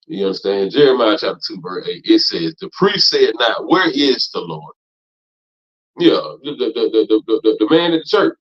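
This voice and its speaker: A man preaching hard in a teaching class, repeating himself, cursing, and swinging from loud outbursts down to low mutters. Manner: emphatic, repetitive, profane, swings from loud to low. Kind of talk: fiery preaching lecture. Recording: dull lo-fi recording.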